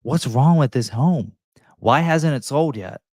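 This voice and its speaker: A man talks straight to camera like a real estate agent coaching sellers. His delivery is emphatic and conversational, with quick acted-out asides. The sound is dry and close, with no room around it. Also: medium pitch, animated, a little mellow, no echo. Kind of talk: direct-to-camera advice talk.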